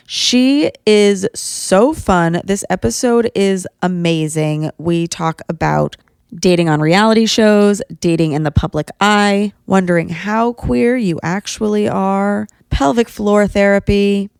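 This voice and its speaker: Creaky, smooth-voiced woman podcast host. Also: mid-range voice, darkish tone, dry recording, studio quality. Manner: bubbly, chatty, quick to laugh. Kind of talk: casual chat. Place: podcast studio.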